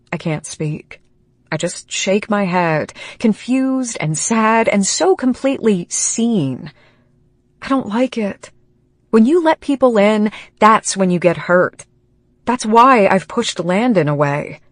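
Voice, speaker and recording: Slow, emotional woman audiobook narrator. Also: medium pitch, lively intonation, no echo. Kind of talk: first-person romance audiobook narration.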